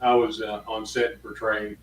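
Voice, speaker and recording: A man who hosts the show and portrays Santa, talking in a relaxed, hesitant way. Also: lowish voice, unhurried, slight background noise. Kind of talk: casual studio chat. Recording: roomy sound, distant from mic.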